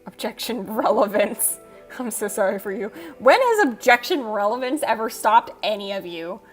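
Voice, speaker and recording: A woman's voice: mid-range voice, animated. A woman hosting a casual livestream, reading chat aloud and teasing viewers with frequent laughs. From United States. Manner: teasing, quick, laughs often. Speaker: livestream host. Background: soft background music.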